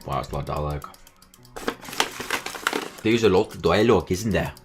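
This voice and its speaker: Deep-voiced chatty man streaming a game. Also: expressive, normal speed, over music. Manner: chatty, rambling, filler-heavy. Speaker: streamer playing a visual novel. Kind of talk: casual gameplay commentary.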